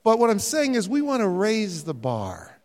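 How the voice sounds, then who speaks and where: An older man preaching a sermon, animated and jokey, sometimes mimicking other voices. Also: sits high, moderate pace. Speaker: pastor. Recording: reverberant hall sound.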